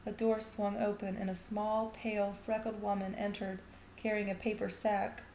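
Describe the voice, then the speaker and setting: A woman reading a short story aloud in a steady, even narrating voice. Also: medium pitch, moderate pace, slight background noise. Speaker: reader. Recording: echoey room.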